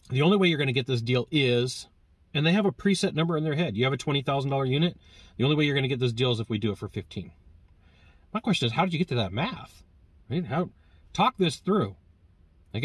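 A man teaching sales negotiation in a lively, conversational way, acting out bits of dialogue with customers. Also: on the high side, husky, dry recording. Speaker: sales trainer. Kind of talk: direct-to-camera sales coaching.

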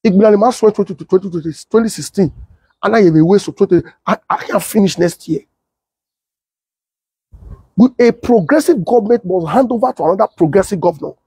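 A middle-aged Nigerian man speaks in a strong Pidgin accent with a high, husky voice. He tells his story casually and with energy, repeating himself and turning to ask his viewers questions. The sound is close and dry. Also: fast, no echo. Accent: Nigerian Pidgin English. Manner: animated, repeats himself, talks straight to viewers. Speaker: political commentator.

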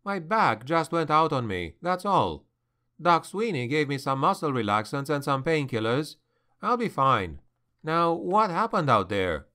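A man's voice: a little high, very animated, pushed and bright, heavily acted. A man voicing a tough, short-tempered female mercenary commander, injured, her voice a little thick from painkillers. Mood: snappish. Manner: snappish, brisk.

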